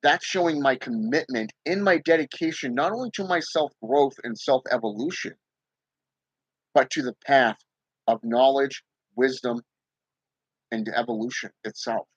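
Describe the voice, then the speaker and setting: A man's voice: medium pitch, normal speed, slightly rough, no room sound, muffled recording. Emphatic man talking to his channel. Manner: emphatic, repeats "okay?" and "you know". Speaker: spiritual practitioner hosting a channel. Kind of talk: casual livestream talk.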